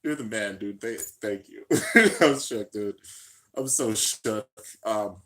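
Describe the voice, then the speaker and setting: A man with a bright, forceful voice runs a live reaction stream and chats casually in slang. He jumps from excited shouting down to quiet mumbling and says "dude" all the time. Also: takes it slowly. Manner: swings between hyped shouting and low mumbling.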